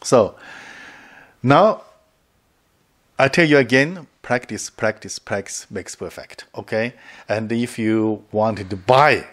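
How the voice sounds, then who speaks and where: A man's voice: fairly low pitch, slow, pauses often, fairly bright tone. A middle-aged man chatting casually to camera as a video creator, rambling, repeating words and chuckling often.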